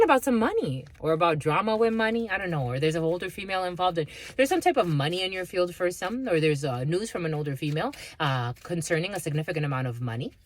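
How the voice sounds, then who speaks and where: A woman giving a tarot reading, blunt and mocking, swearing freely as she talks to her viewers. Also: on the low side. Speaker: tarot reader. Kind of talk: spiritual reading with profanity.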